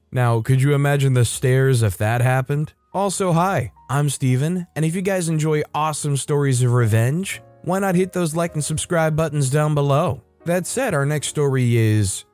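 A man hosting a story channel, reading online revenge stories aloud in a casual, lively way. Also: a little high, dry recording. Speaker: story channel host and narrator.

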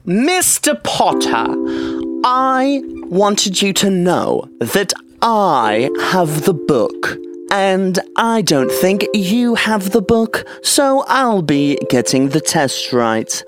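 A man voicing a prim, smug know-it-all schoolgirl who speaks slowly and primly. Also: high voice, very animated, over music, pitched above the performer's own voice, exaggerated voice. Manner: slow, prissy, smug.

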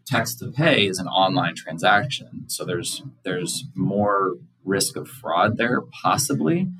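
A man guest on a podcast who explains things in a plain, practical way. His voice is very low, and a faint hum runs under it. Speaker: payments company co-founder, guest. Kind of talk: explaining to an interviewer.

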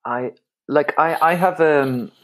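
An Irish man in his forties, a travel writer guest telling stories in conversation, animated and rambling, with frequent restarts and laughs. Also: on the high side, slow pace. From Ireland. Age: 40s. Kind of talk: conversational storytelling.

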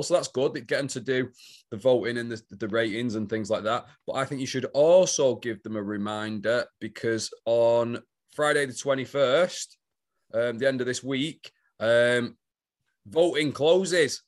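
Teasing man with a Manchester accent. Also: medium pitch. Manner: teasing, quick to rant. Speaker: podcast co-host. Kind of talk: casual chat among friends.

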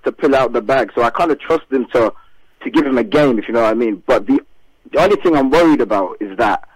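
Brief: male fan caller, livid and emphatic, husky dry phone-in sound. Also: medium pitch, lively intonation, quick pace, no echo, low-quality recording. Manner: frustrated, emphatic football fan.

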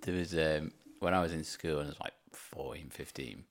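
A man's voice: rumbling low, normal speed. A young man co-hosting a casual podcast, eagerly telling anecdotes. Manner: animated, eager anecdote teller. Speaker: podcast co-host. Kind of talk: casual chat.

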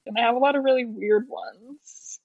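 A woman's voice: a little high, steady tone, moderate pace, a little mellow, dry recording. A young adult woman, a podcast guest in casual chat, who talks loosely and says "like" a lot. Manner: chatty, leans on "like". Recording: dull, dry, lo-fi sound.

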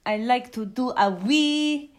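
Lady trying a wobbly fake french accent, sweet simple paris girl, slow and clumsy. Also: a little high. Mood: sweet naive. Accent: mock French. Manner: halting, slow, deliberately clumsy.

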